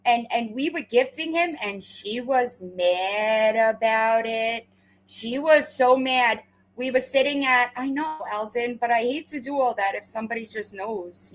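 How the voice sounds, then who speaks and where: Sarcastic woman with a higher voice, confronting. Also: a little slow, rough recording. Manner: confrontational, sarcastic, stammering restarts. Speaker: commentator. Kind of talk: reaction commentary.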